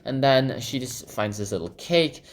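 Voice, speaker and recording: A man with a mid-range voice and lively intonation talks at a normal speed while sketching, casually summarizing a children's book. He rambles, leans heavily on fillers, and keeps repeating the phrase "goes ahead."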